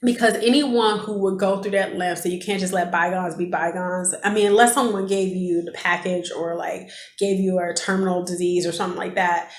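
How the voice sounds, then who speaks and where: A woman's voice: on the low side, steady tone, normal speed. Woman in her 30s doing a storytime vlog, talks straight to viewers, echoey room. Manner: chatty, emotional storyteller addressing viewers. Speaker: vlogger.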